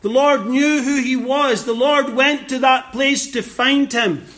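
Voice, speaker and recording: A man delivers a sermon with a fairly high voice. He speaks at an unhurried, deliberate pace and hammers his points through repetition, climbing louder and higher whenever he voices scripture. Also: fairly even intonation. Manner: slow, emphatic delivery with repeated phrases; rises loud and high when voicing scripture. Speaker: preacher.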